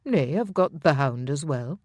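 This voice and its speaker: Woman putting on a calm highlander guy, low and wry, dry close mic. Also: measured pace, dry recording. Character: steady young Highland warrior, calm and wry.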